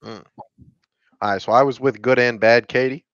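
A young man talks through a multiplayer game, joking, teasing and sure of himself. His voice sits at an ordinary pitch and comes through a dull, lo-fi mic with a close, dry sound. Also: fairly even intonation, normal speed, no room sound. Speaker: gaming channel host. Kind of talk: casual gameplay chat.

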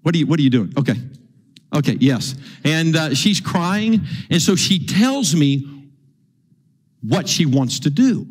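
A man preaching a sermon in a church, animated and repeating himself as he acts out quotes. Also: on the high side, measured pace, pauses often, husky. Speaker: pastor. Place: church sanctuary.

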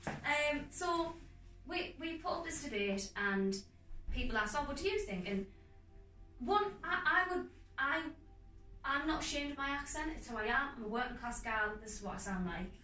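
A young woman in her twenties with a North East English accent, an actress talking as a guest in a casual interview, emphatic and animated with quick restarts. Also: high-pitched. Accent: North East England. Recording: echoey room, mic at a distance, faint music.

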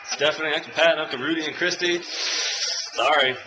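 A young man filming himself at home as he watches a football game, chatting and cheering loudly. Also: fairly high pitch, fairly quick. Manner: swings from quiet chat to loud cheering shouts. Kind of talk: casual vlog, reacting to live football. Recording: noisy home video recording.

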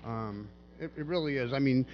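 A man's voice: medium pitch, moderate pace, highs cut off, a little hiss or hum. Rambling man speaking at a seminar. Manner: rambling, many restarts. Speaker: guest speaker, pinball designer. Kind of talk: casual seminar talk.

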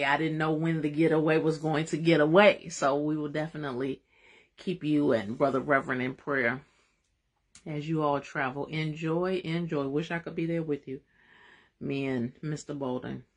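A woman hosting a live-streamed Bible study, excitable and emphatic in a folksy way, drifting into soft prayer. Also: low-pitched.

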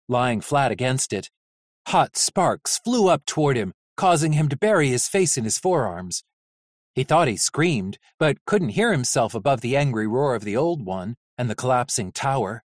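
Animated audiobook narrator. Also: mid-range voice, moderate pace, dry recording, studio quality. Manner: expressive, animated reading.

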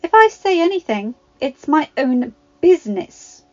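A woman voicing a spirited, sharp-tongued teenage girl who sounds snappy and self-assured. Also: high voice, big pitch swings, brisk, pitched above the performer's own voice. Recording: slightly dull home recording.

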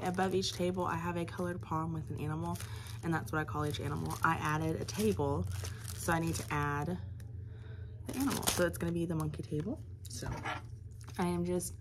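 A woman's voice: fairly low pitch, noisy background. Chatty teacher woman, vlog. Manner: chatty, rambling, with fillers. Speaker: elementary school teacher. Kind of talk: casual vlog narration. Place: classroom.

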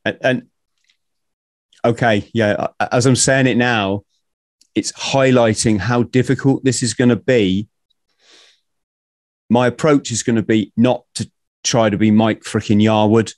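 A man's voice: medium pitch, steady tone, a little slow, pauses often, darkish tone, no echo, studio quality. A man hosting a podcast, chatting informally in a jokey way. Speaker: podcast host. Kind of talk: casual conversation.

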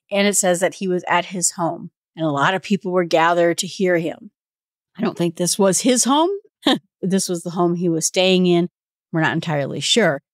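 Woman, lower register, casual Bible-study teacher, conversational explainer, dry close recording. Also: no echo. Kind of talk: informal Bible study talk.

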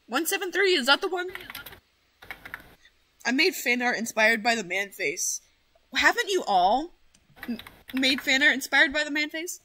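A woman streamer chatting casually, excitable and full of swearing as she rambles. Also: sits high, unhurried, pauses often, slight background noise. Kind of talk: casual livestream chat.

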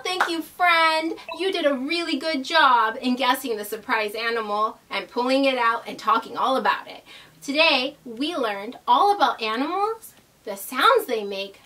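A young woman hosting a toddlers' learning video, speaking with gentle, exaggerated cheer, gasping and imitating animal sounds. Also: high voice, far from the mic. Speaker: children's educational video host. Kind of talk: teaching toddlers, slow and sing-song.

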